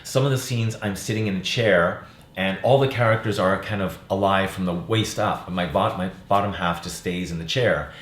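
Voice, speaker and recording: Older male actor-playwright, deep voice, easygoing interview chat, roomy room. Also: moderate pace. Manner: relaxed, reflective, with frequent fillers. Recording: roomy sound with faint ambience.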